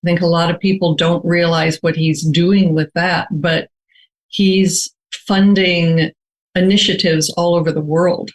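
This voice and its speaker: Measured older American woman author. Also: lowish voice, level tone, rough recording. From United States. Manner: measured, thoughtful, stretches key words slowly. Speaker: author being interviewed. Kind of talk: conversational interview answers.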